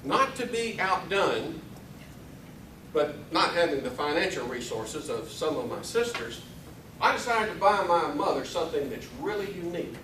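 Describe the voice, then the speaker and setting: A man's voice: a little high, big pitch swings, normal speed, pushed and bright, a little hiss or hum. A middle-aged man giving a humorous speech to an audience, telling a family story with timed punchlines. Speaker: speaker. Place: room with a live audience. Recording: echoey hall, mic at a distance.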